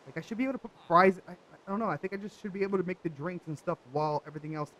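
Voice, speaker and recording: A man's voice: sits high, rapid-fire, a bit bright, low-quality recording. A young man hosting a gaming video, chatting casually to viewers with jokey asides as he plays. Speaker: gaming channel host. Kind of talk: casual let's play commentary.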